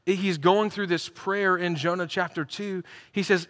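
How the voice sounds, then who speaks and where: A man preaching a sermon to a live congregation, telling stories with energy and building to loud, emphatic peaks. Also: high-pitched, fairly even intonation, unhurried. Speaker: pastor. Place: church hall, live congregation. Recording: reverberant church hall.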